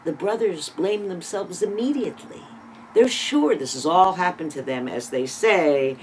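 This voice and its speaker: A Torah teacher gives a sermon, retelling a scripture story with dramatic rises and drops in loudness and pointed emphasis. The speaker slips in casual asides and rhetorical questions along the way. The voice sits in a middle register over a faint background hum. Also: mid-range voice, animated, measured pace, low-quality recording.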